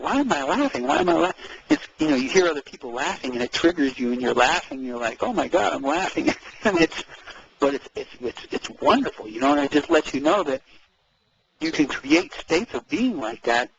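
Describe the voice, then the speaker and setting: A man chatting casually as co-host, animated, repeating words and acting out quoted speech. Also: fairly high pitch, breathy edge, lo-fi sound. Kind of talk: casual conversational chat.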